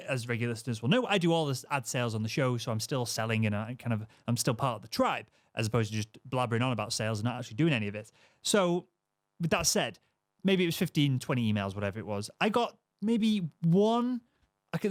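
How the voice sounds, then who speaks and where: A man's voice: mid-range voice, dry recording. A man hosting a podcast, asking long, rambling questions full of hedges. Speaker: podcast host. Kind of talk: podcast interview.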